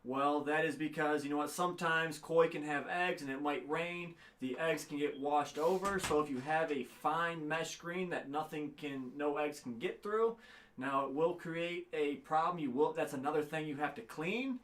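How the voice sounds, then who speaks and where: A man's voice: on the high side, moderate pace, a bit bright. A young man co-hosting a casual livestream, reading out donations and explaining things plainly.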